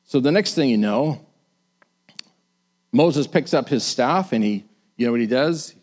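Male preacher, animated sermon delivery with emphatic peaks. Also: medium pitch, measured pace. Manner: animated, rising to emphatic bursts; acts out the complaining crowd in quoted lines.

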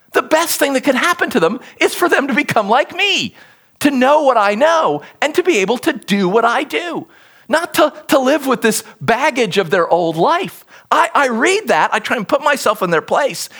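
A man preaching a sermon as pastor, with an expressive, emphatic teaching delivery. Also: very high-pitched, breathy edge.

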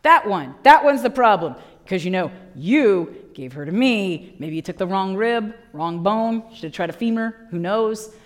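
A woman in her thirties or forties preaching a sermon, telling the story with lively asides and acted-out voices. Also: medium pitch, measured pace, few pauses. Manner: animated storytelling, acting out voices.

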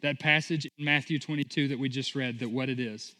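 A pastor in his thirties preaching a sermon in church, telling stories with lively acted-out voices. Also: medium pitch, a little fast. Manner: animated storytelling, acting out voices in quotes. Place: church sanctuary. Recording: long hall reverb.

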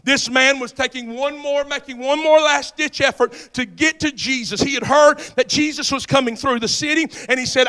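High-pitched preacher man, fervent sermon, builds to shouting, keeps asking the crowd if they hear him. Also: a little fast, few pauses.

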